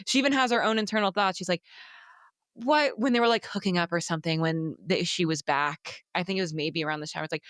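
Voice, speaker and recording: A woman's voice: lowish voice, fast talker, a bit bright, no echo, clean studio sound. A woman co-hosting a casual book podcast, talking animatedly, swearing freely and acting out characters' lines. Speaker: podcast co-host.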